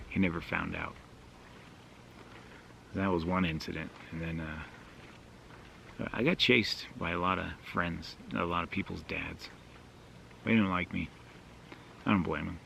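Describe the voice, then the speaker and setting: A man's voice: sits low, steady tone, slow, vocal fry, long pauses, sharp tone, a little hiss or hum. A man vlogging outdoors at a mountain campsite, casually telling a rambling, self-deprecating story with fillers.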